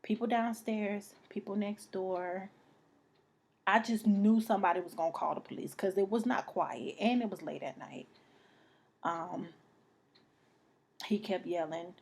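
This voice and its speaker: A young woman telling a personal story to camera, halting and emotional, repeating herself and sometimes dropping to a near whisper. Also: mid-range voice. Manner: repeats phrases, many restarts.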